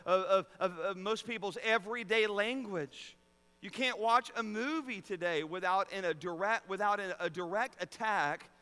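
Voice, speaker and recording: Pastor, male, high bright voice, earnest preaching with loud emphatic swells; large reverberant sanctuary. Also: clear, resonant tone. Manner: earnest preaching, repeats words, rises to loud emphatic peaks. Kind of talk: sermon. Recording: long reverb of a large hall.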